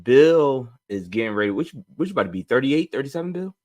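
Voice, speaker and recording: A man in his forties hosting a casual podcast, lively and teasing. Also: mid-range voice. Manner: lively, teasing, quick to laugh. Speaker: podcast host. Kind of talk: casual chat.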